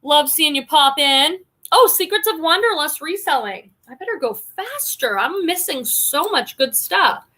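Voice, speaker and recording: A woman's voice: sits high, lively intonation, a little slow, hardly any pauses, pushed and bright. A woman in her forties hosting a reselling livestream, chatting casually and reading viewer comments aloud with effusive enthusiasm. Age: 40s.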